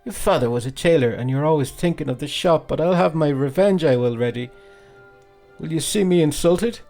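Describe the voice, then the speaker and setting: A man doing a shrill, melodramatic young woman. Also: animated, fairly quick, vocal fry, a little mellow, soft background music. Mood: indignant. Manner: high falsetto, melodramatic sighing.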